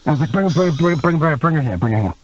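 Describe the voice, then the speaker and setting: A man guesting on a podcast, telling a story with animated delivery, acting out what others said and laughing along. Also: fairly high pitch, fast. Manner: animated storyteller who acts out quotes and laughs. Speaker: guest, former wrestler. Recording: dull lo-fi sound with faint noise.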